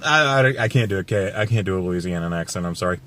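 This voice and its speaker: A man's voice: low voice, quick pace, crowd noise. A man giving a casual movie review, ranting with profanity and sarcasm. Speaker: guest film reviewer.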